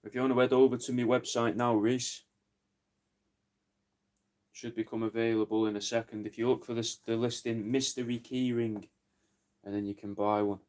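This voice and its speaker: A man's voice: medium pitch, little pitch movement, moderate pace, long pauses, a little mellow. Swearing, joking man. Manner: rambling, joking, swears a lot. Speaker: craft seller and livestreamer. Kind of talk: casual livestream chat.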